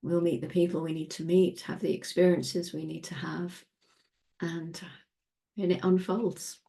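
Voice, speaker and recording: Mellow-voiced woman teaching in soft, laughing asides. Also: on the low side, a little slow, creaky. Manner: relaxed, laughs often, drops into soft near-whispered asides. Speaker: human design teacher. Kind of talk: casual teaching monologue.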